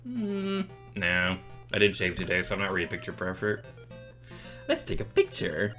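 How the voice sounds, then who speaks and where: A woman's voice: a bass voice, wildly swooping pitch, normal speed, sharp tone, faint music behind, pitched below the performer's own voice, full character voice. A woman doing a laid-back, dismissive man. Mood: reluctant. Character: laid-back unshaven man who dodges photos.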